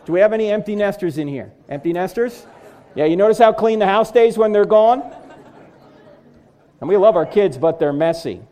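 Middle-aged guy cracking jokes through a lecture, high voice that swings all over the place. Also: expressive, moderate pace, warm tone. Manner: joking, punchline-driven delivery. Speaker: Christian apologetics speaker. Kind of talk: humorous lecture to a live audience.

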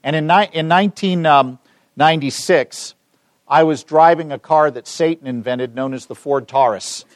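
Brief: middle-aged man, bright-ish tenor, dry close mic, funny storyteller at a lecture Q&A. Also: a little high, moderate pace, no echo. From Los Angeles. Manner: joking, lively storyteller. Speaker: speaker answering audience questions. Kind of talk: public talk with Q&A.

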